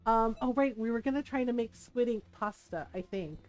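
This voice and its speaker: A woman's voice: a little high, normal speed, darkish tone, soft background music. A woman livestreaming a game, casually telling a story to her chat, giggling often and acting out the voices of the people she quotes. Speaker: livestream gamer.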